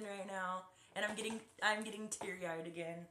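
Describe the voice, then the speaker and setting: A woman's voice: mid-range voice, moderate pace, a little hiss or hum. A woman chatting casually to her phone camera as she opens fan mail, gushing and exclaiming over each gift. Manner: gushing, excitable, lots of exclamations. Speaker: vlogger opening fan mail. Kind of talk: casual unboxing chat to camera. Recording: echoey room.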